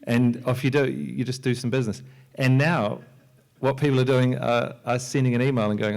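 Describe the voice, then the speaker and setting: A man, a software entrepreneur and filmmaker, giving a loose, joking talk on a library panel, with many restarts and fillers. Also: medium pitch, steady tone, moderate pace, vocal fry. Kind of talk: conference talk. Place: lecture hall at a library.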